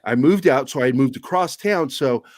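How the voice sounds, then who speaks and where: A man's voice: mid-range voice, lively intonation, moderate pace, no echo. A man guesting on a podcast, telling stories in a casual, profane, self-mocking way. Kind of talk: casual storytelling chat.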